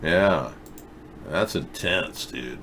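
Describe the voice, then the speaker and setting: A middle-aged man hosts a loose live video chat show, joking and rambling off on sarcastic tangents. His voice swoops up and down, lively and animated, with a faint hum of noise behind it. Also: rumbling low, drawn-out words. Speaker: talk show host reading viewer chat.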